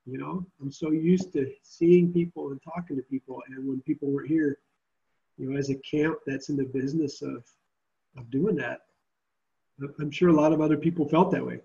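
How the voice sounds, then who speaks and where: Mellow, earnest man with muffled sound. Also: a little high, fairly even intonation, moderate pace, gravelly. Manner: earnest, reflective. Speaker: Christian summer camp leader. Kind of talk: podcast interview.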